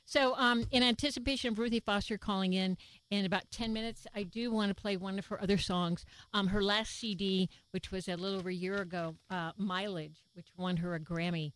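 A woman's voice: mid-range voice, brisk, rough recording. A woman hosting a music radio show, chatting casually with many fillers, slightly out of breath. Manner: relaxed, rambling, with many fillers. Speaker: radio host.

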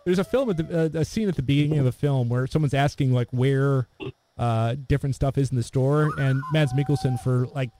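A man's voice: medium pitch, brisk, mellow, a little hiss or hum. A man in casual conversation, talking at length with many fillers and restarts. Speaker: podcast co-host discussing films. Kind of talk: casual chat.

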